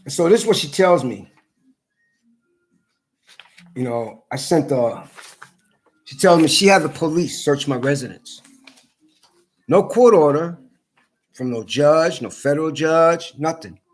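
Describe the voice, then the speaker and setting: Heated male vlogger, a bit high-pitched, profane and repetitive. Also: lively intonation, measured pace, long pauses. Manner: profane, heated, repeats himself. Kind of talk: angry rant to camera.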